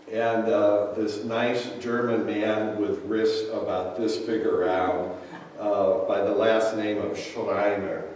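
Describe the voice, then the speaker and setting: Slow-speaking male pastor in echoey hall. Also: medium pitch, a little mellow, a little hiss or hum. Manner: measured, storytelling delivery. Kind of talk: sermon with personal story. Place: church sanctuary. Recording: echoey church hall, distant mic.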